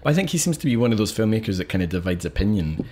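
Deep-voiced British man chatting films. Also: very animated, rapid-fire, warm tone, slight background noise. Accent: British English. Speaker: podcast co-host. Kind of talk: casual film chat.

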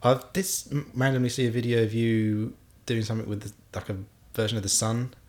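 A woman's voice: very deep voice, fairly even intonation, brisk, darkish tone. A woman hosting a podcast in casual chat, talking hesitantly and self-deprecatingly and laughing often. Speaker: podcast host.

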